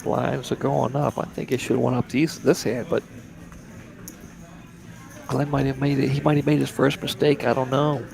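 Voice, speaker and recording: A man's voice: medium pitch, flat delivery, moderate pace, vocal fry, pauses often, a little mellow. A man giving easygoing, chatty live commentary on a poker table from a booth. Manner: chatty, easygoing, repeats words. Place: commentary booth at a card room.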